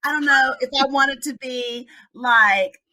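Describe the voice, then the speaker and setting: A woman's voice: sits high, a little slow, sharp tone. A woman author chatting in an interview, telling a story animatedly and acting out the voices in her quotes. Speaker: children's book author. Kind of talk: casual interview chat.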